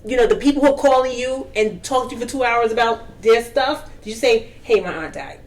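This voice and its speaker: A woman's voice: fairly high pitch, brisk. A woman in casual Bible discussion, acting out quoted dialogue as she tells stories. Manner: animated storyteller acting out dialogue. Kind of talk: casual group Bible chat.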